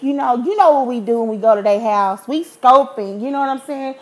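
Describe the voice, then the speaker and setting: A woman in her thirties, a podcast host telling a personal story in a frank, animated, profane way. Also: on the high side, brisk, few pauses. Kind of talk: candid storytelling.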